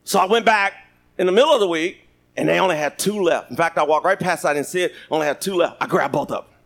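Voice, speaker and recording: High-voiced preaching man. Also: quick pace, gravelly, a bit bright. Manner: preaching with scripture and jokes, talks to congregation. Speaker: pastor. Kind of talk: sermon. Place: church sanctuary.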